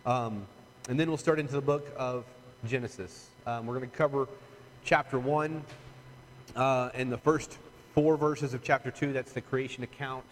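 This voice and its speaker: Folksy pastor in a reverberant hall. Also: male voice, medium pitch, steady tone, moderate pace. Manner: folksy, emphatic, asks "right?" often. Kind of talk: conversational sermon. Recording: long hall reverb, faint room noise.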